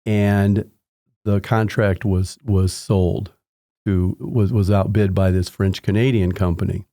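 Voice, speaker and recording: A man in his sixties speaks in a low, mellow voice as a podcast guest, winding through long anecdotes full of restarts. His voice sounds dry and close, with no room sound behind it. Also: fairly even intonation, takes it slowly, dry recording. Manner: rambling anecdotes with frequent restarts, acting out quoted people in raised voices. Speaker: podcast guest, home inspector. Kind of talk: casual storytelling interview.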